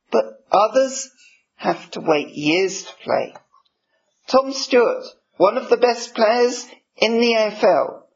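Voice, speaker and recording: A man preaching a sermon. He reads scripture in a measured way and explains it. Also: high-pitched, gravelly, breathy edge. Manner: measured, slow reading of scripture. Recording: dull lo-fi recording.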